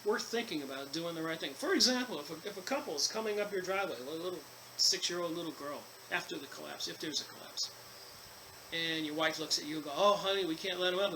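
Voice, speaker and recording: A man's voice: a little high, noisy background. A man reading from a book and breaking off into long rambling asides, with many fillers and restarts. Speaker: channel host reading and commenting on a book. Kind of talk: casual book commentary mixing reading aloud and rambling asides.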